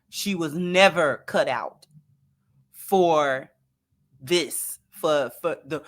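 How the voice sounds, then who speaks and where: A woman's voice: low-pitched, pushed and bright. A woman hosting an opinionated commentary show, speaking emphatically and repeating lines for effect. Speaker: commentary channel host.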